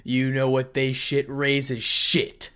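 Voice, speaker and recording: A man's voice: mid-range voice, monotone, slow, fairly bright tone, clean tone. Man reading as a venomous scornful young man. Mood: cold scorn. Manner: venomous, growling threats.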